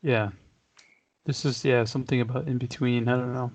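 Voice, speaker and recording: A man's voice: medium pitch, steady tone, moderate pace, dry recording. A man co-hosting a casual chat show, easygoing and often laughing. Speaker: podcast co-host. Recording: dry, dull lo-fi audio.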